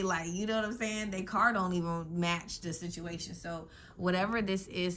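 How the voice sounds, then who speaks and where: Her voice sits low, with a bright, forceful tone. Doing a casual tarot reading, she talks bluntly in slang, swears plenty, and frequently checks in with "you know what I'm saying."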